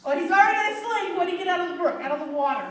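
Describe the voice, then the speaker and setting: A woman's voice: extremely high pitch, lively intonation, rapid-fire. A woman teaching children a Bible story, playful, asking them questions and laughing often. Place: church room with children. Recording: echoey room, mic far off, faint noise.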